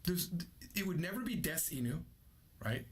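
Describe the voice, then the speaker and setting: A man's voice: a little high, lively intonation, normal speed, husky. A man teaching an unscripted language lesson, explaining patiently and repeating his key points. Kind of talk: unscripted classroom-style lesson.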